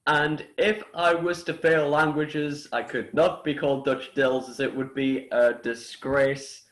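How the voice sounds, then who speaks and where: A man's voice: a little high, steady tone, a little slow. A young man who is a podcast guest, cutting in bluntly during a casual chat.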